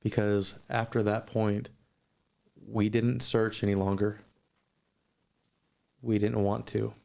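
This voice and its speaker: A man guest on a podcast, telling a personal story in a measured, thoughtful, sincere way. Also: fairly low pitch, little pitch movement, creaky, darkish tone.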